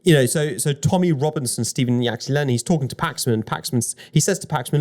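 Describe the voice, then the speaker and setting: A man co-hosting a podcast, arguing his points in an animated way with rhetorical questions. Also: mid-range voice, quick pace, hardly any pauses. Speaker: podcast co-host. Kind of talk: conversational podcast discussion.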